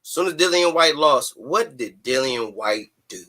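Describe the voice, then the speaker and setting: A man's voice: medium pitch, animated, bright, forceful tone. A man hosting a boxing talk stream who rants emphatically and profanely, firing off rhetorical questions. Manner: emphatic, profane, rapid-fire rhetorical ranting. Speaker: host.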